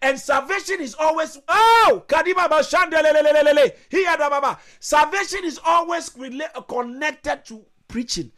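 A male pastor preaching with fervour, shouting exclamations, calling for responses and breaking into tongues. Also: very high-pitched, animated, unhurried, few pauses. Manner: speaks in tongues between phrases.

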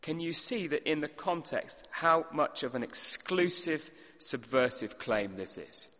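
A man preaching a sermon with emphasis, asking the congregation rhetorical questions and clearing his throat now and then. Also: a little high, animated, measured pace, bright, forceful tone. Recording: long reverb of a large hall.

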